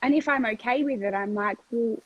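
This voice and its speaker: A woman's voice: a little high, brisk, husky, muffled recording. A woman hosting a casual live chat, agreeable and conversational. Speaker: host.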